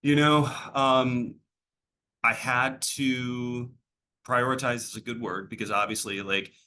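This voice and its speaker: A man's voice: mid-range voice, steady tone, slow, pushed and bright, a little hiss or hum. A man working as a behavioral health clinician, answering interview questions in a rambling, casual way, full of fillers and restarts.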